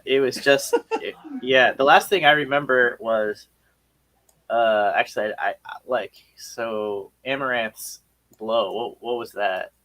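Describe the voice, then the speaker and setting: A man's voice: medium pitch, slow, sharp tone, rough recording. A man player in a casual chat, explaining in a flustered, rambling way.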